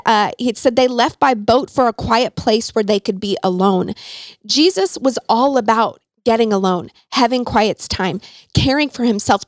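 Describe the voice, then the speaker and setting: A woman's voice: fairly high pitch, no room sound. A woman guest author speaking passionately in a faith-based parenting interview, quoting scripture like a preacher.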